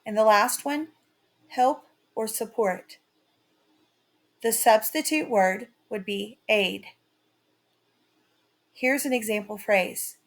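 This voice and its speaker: A woman teaching a writing lesson in a slow, carefully read-out, scripted delivery. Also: a little high.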